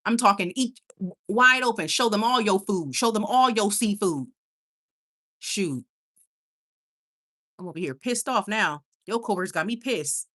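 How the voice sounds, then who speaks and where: A young woman hosting a casual live stream, reading viewer comments aloud and reacting in an animated, emphatic way, quick to laugh and often repeating herself. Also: medium pitch.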